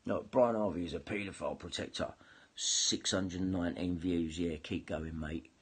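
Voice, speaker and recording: Low-pitched with a breathy edge, a man speaks at a moderate pace in an angry monologue to camera. He is an online video commentator who swears a lot, turns combative, and keeps repeating himself.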